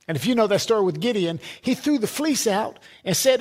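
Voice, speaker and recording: A man's voice: high-pitched, expressive, fairly quick, few pauses, breathy edge. A man preaching a sermon, emphatic, repeating words and building lists.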